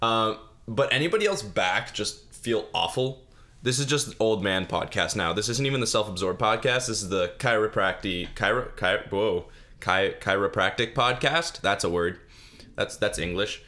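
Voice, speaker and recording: A young man hosts a solo podcast on a desk mic, his lowish voice pushed and bright at normal speed. It's rambling, goofy comedy chat where he mocks himself, laughs at his own jokes and does a mock-sobbing bit with put-on crying.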